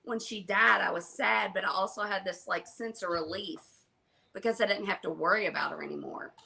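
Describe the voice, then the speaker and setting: A woman's voice: mid-range voice, brisk, gravelly, sharp tone. A woman with a slight Southern US twang, chatting candidly on a live stream and asking questions. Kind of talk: casual live stream chat.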